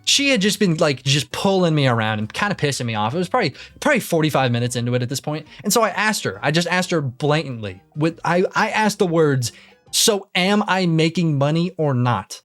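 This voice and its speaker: A man's voice: high-pitched, a bit bright. A young man ranting casually to camera, exasperated and swearing freely, repeating himself as he gets worked up. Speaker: YouTuber. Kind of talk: ranting commentary.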